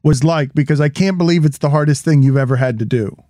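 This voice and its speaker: A man's voice: a little high, fast talker, warm tone, dry recording, studio quality. A man hosting a podcast, reacting playfully and asking follow-up questions in casual chat. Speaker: podcast host.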